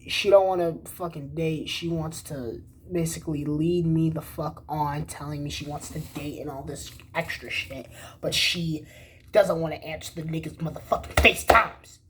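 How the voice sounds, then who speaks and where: Swearing freely, a young man spins a casual story, voicing both people in the exchange and quoting their lines with animated, profane energy. His voice is a little high, his pace moderate, and there's slight background noise.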